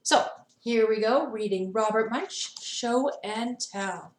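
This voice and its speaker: A woman playschool teacher reads a picture book to children over a video call, stopping for animated asides. Her voice is high and sounds roomy and echoey. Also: slow pace.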